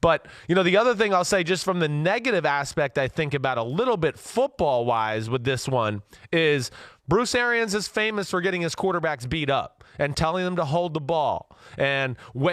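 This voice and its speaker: A middle-aged man talks football in loose, rambling sentences full of "you know" and restarts. His voice sits a bit high. The studio sound is dry, with faint music underneath. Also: lively intonation, moderate pace, fairly bright tone, dry recording. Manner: rambling, lots of fillers and restarts. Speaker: co-host, former quarterback. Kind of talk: casual sports chat.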